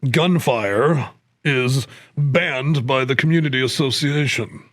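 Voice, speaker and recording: A man's voice: medium pitch, takes it slowly, a bit bright. A middle-aged man co-hosting a podcast, rambling with lots of fillers and dry jokes. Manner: rambling, joking, many fillers. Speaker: podcast co-host. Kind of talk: casual chat.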